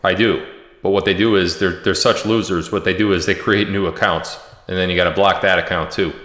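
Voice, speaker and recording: Broadcasting a loose, joking livestream from home, a male host with a low, deep voice reads viewers' comments, shout-outs and hometowns aloud in casual chat. He talks a little fast with fairly even intonation. His voice echoes around the room, trailing a long, lingering reverb.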